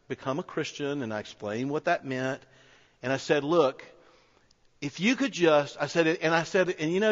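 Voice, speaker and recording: Earnest pastor in an echoey hall. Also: male voice, a little high, a bit bright. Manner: earnest, conversational storytelling with restarts. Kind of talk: sermon told as a personal story. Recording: echoey hall, dull lo-fi sound.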